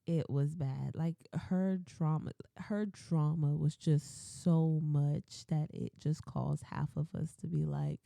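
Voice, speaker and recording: A young woman hosts a podcast alone and tells stories about her old workplaces. Her voice is very dark and mellow, and it sits a little low. She acts out her coworkers with lively quoted voices, and the recording is dry and close. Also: takes it slowly, gravelly, few pauses, no room sound. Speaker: podcast host. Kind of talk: casual storytelling monologue.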